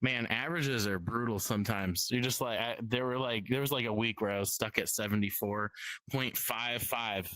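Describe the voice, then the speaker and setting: A man's voice: medium pitch, steady tone, moderate pace, fairly bright tone, dry recording, poor audio. A man talking as a guest on a casual stream interview, rambling and repeating words while he thinks.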